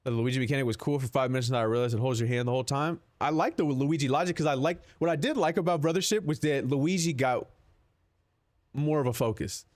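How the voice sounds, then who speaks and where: A man's voice: mid-range voice, fast, a little mellow, dry recording. A young man streaming live, chatting casually with his viewers in a rambling, profane, joking way. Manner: rambling, profane, jokey, answers chat.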